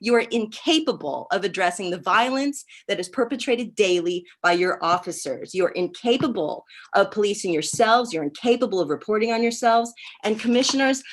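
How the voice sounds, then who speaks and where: A woman calling in to a public meeting, voice tight with fury. She swears and accuses without letting up. Her pitch sits in a middle range for a woman. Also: animated, moderate pace, hardly any pauses. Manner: furious, profane, accusatory. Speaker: public commenter. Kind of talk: angry public comment.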